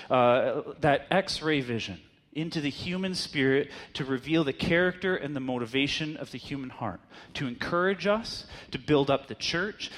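A man's voice: on the high side, a bit bright. A man preaching a sermon in a conversational teaching manner, asking his listeners rhetorical questions.

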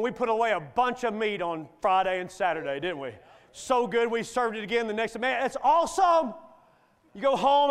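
A man's voice: very high-pitched, clean tone. A middle-aged male guest preacher delivering a sermon in a folksy, joking manner.

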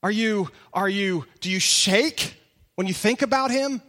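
Male pastor, high voice, conversational and emphatic, preaching in a big echoing church. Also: measured pace, sharp tone. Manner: conversational and emphatic, full of direct rhetorical questions. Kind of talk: sermon. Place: large church hall. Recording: long reverb of a large church hall.

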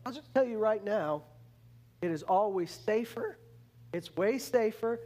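A man preaching a sermon in an animated way, repeating words and restarting phrases as he acts out the people he talks about. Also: unhurried. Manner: animated, acts out the complaining Israelites in a higher voice.

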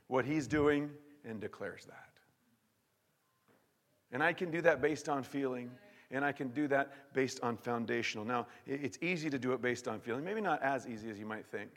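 A male pastor preaching a sermon in an animated, emphatic way, often repeating and restarting his words. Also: medium pitch, moderate pace, in a large hall. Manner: animated, emphatic preaching with sudden shouts and drops to near-whisper.

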